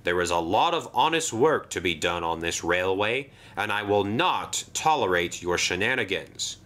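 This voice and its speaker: A man's voice: sits low, expressive, normal speed, bright, forceful tone. A man voicing a stern, commanding railway controller.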